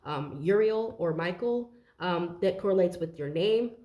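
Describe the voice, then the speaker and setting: A woman's voice: on the low side, animated, a little slow, warm tone. Breathless chatty woman reading tarot. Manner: chatty, rambling, swears casually. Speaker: tarot reader.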